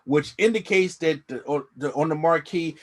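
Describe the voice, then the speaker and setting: Man, casual podcast co-host, slightly raised pitch, loose slangy rambling. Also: normal speed. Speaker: co-host reviewing a TV episode.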